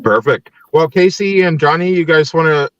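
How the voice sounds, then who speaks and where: A man's voice: on the high side, normal speed, a bit bright, no room sound, lo-fi sound. A young adult man from Tennessee hosting a podcast in casual chat, easygoing, laughing often and using many fillers. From Nashville, Tennessee. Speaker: podcast host.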